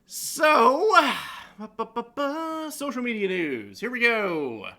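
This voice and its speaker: Animated, bright-voiced man cursing through banter. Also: very high voice, slow. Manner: profane, laughing, animated banter. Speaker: co-host. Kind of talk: casual live-stream chat.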